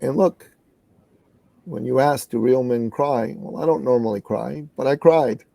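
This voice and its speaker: A middle-aged man from Canada telling a story in an interview as a guest business coach, earnest and animated. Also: medium pitch, moderate pace, gravelly.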